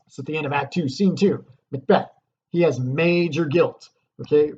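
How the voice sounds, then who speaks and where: A man's voice: a little high, normal speed, darkish tone, dull audio. A man teaching a lesson, explaining a play in a casual way with fillers and check-ins.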